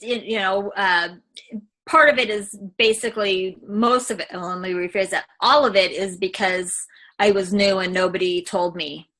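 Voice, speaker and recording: Woman client giving an emotional testimonial, bright voice, many fillers. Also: medium pitch. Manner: halting, many fillers, tearful at times.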